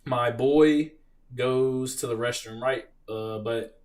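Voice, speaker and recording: Man, young adult, live stream host, casual Q&A, animated storytelling, mid pitch, somewhat distant mic. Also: slow pace. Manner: reads viewer questions, animated profane storytelling.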